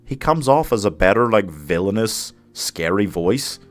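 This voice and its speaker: Deep-voiced chatty male streamer. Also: lively intonation, a little slow, faint music behind. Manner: chatty, opinionated, reads chat aloud and laughs often. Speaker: streamer host ranking films. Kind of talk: live-stream casual chat.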